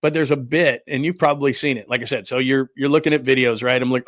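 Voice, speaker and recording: A man's voice: mid-range voice, steady tone, fast, dry recording, clean studio sound. A middle-aged man hosting a sports talk show, chatting casually in a rambling way and laughing often. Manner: rambling storytelling with frequent laughs. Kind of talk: casual chat.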